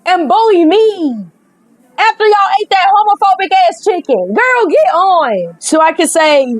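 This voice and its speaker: A woman's voice: very high-pitched, big pitch swings, measured pace, no echo, low-quality recording. A young woman, a gaming creator, reads a dating sim aloud and reacts with sassy, joking commentary, often stumbling over her words. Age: young adult.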